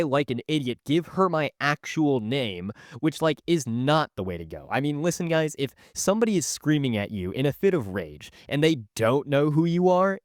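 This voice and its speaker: A young man narrating a storytime in a chatty, joking way, packed with "like" and quick asides to his viewers. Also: a little high, dry recording, clean studio sound. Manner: chatty, filler-heavy, jokey asides. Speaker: YouTuber telling stories.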